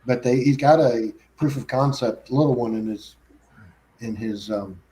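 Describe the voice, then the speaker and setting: A man's voice: medium pitch, measured pace, warm tone, slight background noise, rough recording. A man as a guest in casual chat, rambling, with frequent restarts and self-corrections.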